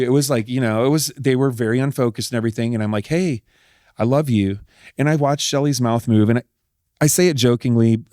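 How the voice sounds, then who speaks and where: A man's voice: mid-range voice, darkish tone, no room sound, clean studio sound. Earnest middle-aged man telling a hard story. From Texas. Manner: earnest, emotional, many "like" fillers. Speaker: guest, husband. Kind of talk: personal storytelling in an interview.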